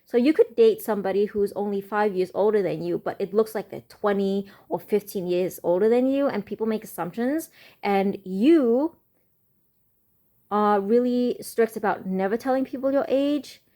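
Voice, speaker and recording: A woman reads tarot cards at a slow, musing pace, trailing off into pauses and fillers between thoughts. Her voice is mellow and soft-edged, sitting at a middling pitch. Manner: speaks slowly. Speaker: tarot reader. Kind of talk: slow channeled tarot reading.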